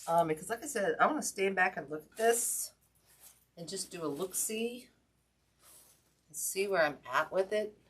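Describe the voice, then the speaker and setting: A woman's voice: mid-range voice, lively intonation, normal speed, long pauses, a little hiss or hum. A woman hosting a casual wreath-making livestream, folksy and chatty with lots of ums, greeting viewers by name while her hurt hand aches.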